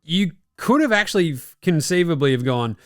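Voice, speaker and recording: A man's voice: a little high, expressive, moderate pace, dry recording, studio quality. An Australian man hosting a basketball podcast, giving blunt, profane opinionated commentary. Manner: profane, ranting, does mocking quoted voices. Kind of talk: opinionated sports commentary chat.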